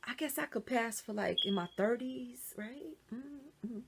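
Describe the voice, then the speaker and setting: A woman's voice: a little high, unhurried, vocal fry, noisy background. A middle-aged woman chatting casually in a wig unboxing vlog, talking to viewers as y'all, dropping into whispers and squealing with delight. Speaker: wig reviewer.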